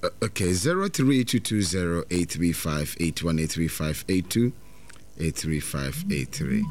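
A Ghanaian man hosting a radio call-in show. His voice sits very low but swings widely in pitch. He greets and thanks callers in short, courteous lines. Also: sing-song, measured pace, a little mellow. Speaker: radio host taking calls.

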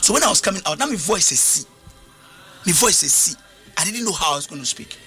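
High, lively man preaching. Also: fast, creaky, faint music behind. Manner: emphatic, repeats key phrases, mixes in Twi. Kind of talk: sermon.

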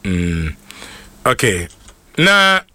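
A man hosting a casual livestream, reading out viewers' names in a lively mix of Twi and English and laughing often. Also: lowish voice, drawn-out words. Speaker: livestream host. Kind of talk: casual live shout-outs.

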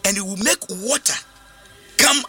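A man's voice: sits high, unhurried, music in the background. A man with a Ghanaian accent preaching a sermon, mixing English with Twi in call-and-response style.

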